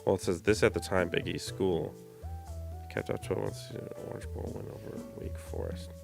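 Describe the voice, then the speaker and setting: A hoarse man co-hosting a podcast, chatting casually and joking through a trivia game. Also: sits low, moderate pace, over music. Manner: loose, joking, animated. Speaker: podcast co-host.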